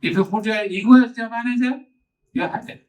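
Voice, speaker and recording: A man's voice: very high-pitched, fast, darkish tone, far from the mic, rough recording. An older man giving an earnest spiritual talk to a gathering, stressing points by repeating them. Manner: earnest, emphatic, repeats key phrases. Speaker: spiritual teacher.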